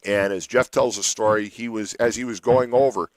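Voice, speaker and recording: A man's voice: on the low side, steady tone, normal speed, no room sound, rough recording. A middle-aged man hosting a radio show, telling a long personal story in a rambling way with many restarts.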